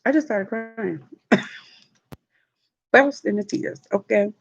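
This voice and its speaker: A woman, a mother, telling stories in a relaxed, chatty way while eating on a livestream vlog. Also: mid-range voice, gravelly, lo-fi sound. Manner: slow, chatty storytelling with laughs. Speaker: mukbang vlogger. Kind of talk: casual chat while eating. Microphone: livestream mic.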